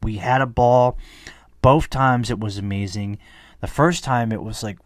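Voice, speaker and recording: A man's voice: mid-range voice, measured pace, no room sound, studio quality. A man hosting his own podcast, talking casually and earnestly on his own, with lots of "you know" fillers. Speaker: podcast host. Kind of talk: casual solo podcast monologue. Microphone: studio microphone.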